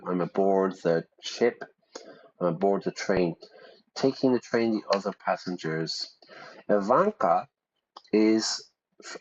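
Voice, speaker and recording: A man's voice: low-pitched, a little mellow. A man, an English teacher, casually commenting on a game while explaining vocabulary, with jokey, playful asides. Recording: dull lo-fi sound.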